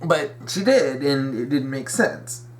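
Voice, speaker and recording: A man's voice: medium pitch, animated, slow pace, a little hiss or hum. Rambling, eager young man giving fan commentary. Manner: rambling, with frequent self-corrections and restarts; eager, opinionated fan enthusiasm. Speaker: video essay host. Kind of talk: casual fan commentary monologue.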